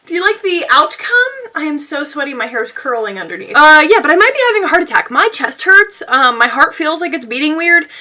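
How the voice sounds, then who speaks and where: Sweaty and breathless, a young beauty vlogger works on a makeup look while chatting casually to her viewers, her slightly high voice bright and forward. She's bubbly and very animated, talking briskly with hardly any pauses, rambling between thoughts and poking fun at herself.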